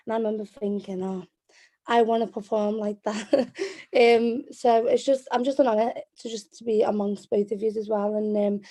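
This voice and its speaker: Mellow-voiced Scouse woman poet. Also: mid-range voice, steady tone. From Liverpool, England. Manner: measured, rhythmic recitation. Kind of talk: spoken word poetry performance.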